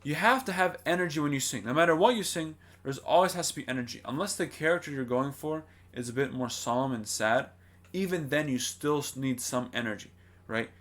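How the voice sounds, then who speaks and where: A man's voice: medium pitch, animated, a little fast, fairly bright tone. Man teaching singing, keeps asking "right?". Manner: explanatory, often asks rhetorical "right?". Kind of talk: vocal lesson to camera.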